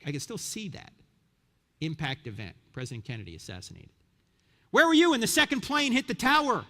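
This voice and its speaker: A man's voice: high-pitched, brisk. A man of about fifty giving a sermon-style lecture to a live audience, telling stories and asking rhetorical questions. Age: around 50. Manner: animated storyteller, rhetorical questions. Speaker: Christian speaker. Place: large hall with audience. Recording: reverberant hall.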